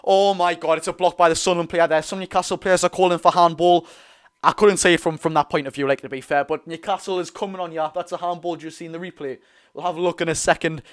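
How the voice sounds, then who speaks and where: Excitable Geordie man doing fan commentary. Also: a little high, quick pace, clean tone. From North East England. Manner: excitable, chatty, bursts into loud reactions. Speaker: streamer hosting a football watch-along.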